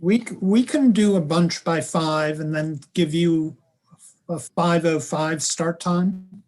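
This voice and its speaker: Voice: medium pitch, takes it slowly, darkish tone. A committee delegate asking polite questions and sorting out meeting times.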